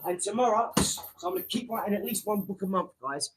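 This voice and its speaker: A man hosting a casual live stream from his garage, rambling excitably and talking straight to his viewers. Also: sits high, fast talker, very noisy. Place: home garage.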